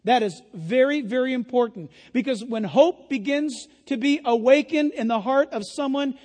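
A man pastor preaching an impassioned sermon, often yelling and emphatic. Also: extremely high pitch, moderate pace, in a large hall.

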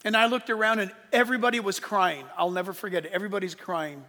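A man in his sixties preaching a sermon and telling his story earnestly, his voice swinging from hushed to emphatic. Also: high voice, fairly even intonation, quick pace, in a large hall. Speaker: pastor.

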